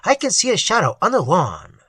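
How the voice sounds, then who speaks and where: A man's voice: sits high, wildly swooping pitch, a little fast, pushed and bright, breathy edge, no room sound, exaggerated voice. A man reading aloud, voicing a bossy young male college student who leads the group and gives curt, commanding orders. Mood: tense.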